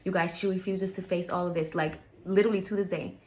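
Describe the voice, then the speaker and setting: A woman's voice: lowish voice, fairly even intonation, quick pace, hardly any pauses, a little mellow, poor audio. A young adult woman, a stepmother, telling a story in a casual vlog, emphatic and heated, with many fillers. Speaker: vlogger, stepmother.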